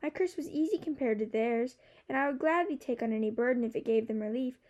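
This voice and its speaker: A woman with a fairly high yet mellow voice reads a novel aloud in the first person. Her delivery is steady and expressive, telling the story from the heroine's point of view. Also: quick pace, highs cut off. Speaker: audiobook narrator.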